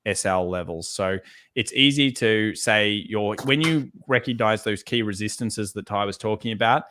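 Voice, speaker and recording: Low-voiced man talking market charts. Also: moderate pace, slight background noise. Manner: relaxed, repeats words for emphasis. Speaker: co-host of trading show. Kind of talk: live market analysis chat.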